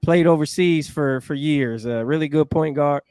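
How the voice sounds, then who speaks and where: A man co-hosting a basketball podcast, teasing and incredulous in lively casual banter. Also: on the high side, normal speed. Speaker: podcast co-host.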